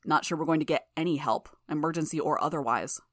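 A woman voicing a stubborn man who leads a team of capes, speaking in a flat, matter-of-fact way in an audiobook reading. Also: low-pitched, fast talker, dry recording, studio quality. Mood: steady, blunt. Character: steady male cape leader, stubborn and guarded.

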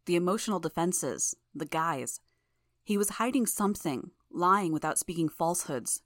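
A woman narrating a fan audiobook in the first person with a measured, even reading. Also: on the low side, no room sound, clean studio sound.

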